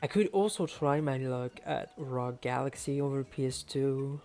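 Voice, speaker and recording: A man's voice: mid-range voice, normal speed, mellow, soft background music. A man from France with a French accent, chatting casually and laughing often as he streams a speedrun. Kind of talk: casual live-stream commentary.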